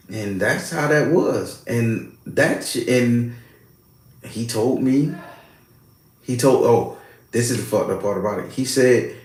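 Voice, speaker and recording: A man's voice: mid-range voice, a little slow. A middle-aged man, a spiritual worker and host, telling a story in a casual, profane, streetwise manner. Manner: profane, animated, streetwise slang. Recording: very echoey room.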